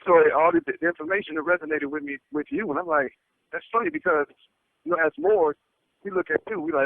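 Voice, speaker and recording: Man, eager casual chat, high-ish voice, tinny phone sound. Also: very animated, vocal fry, no echo. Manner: eager, agreeing, talks in quick bursts.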